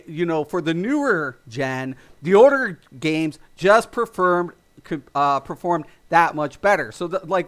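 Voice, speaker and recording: A man's voice: sits high, a bit bright. A man streaming about games, ranting in a heated, profane way with many restarts. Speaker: gaming streamer. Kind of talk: ranting livestream commentary.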